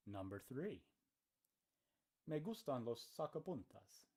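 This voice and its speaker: A man's voice: mid-range voice, animated, a little slow, long pauses, a little mellow. A male college English professor giving an informal video lecture from a hotel room, in a playful, chatty way with joking asides.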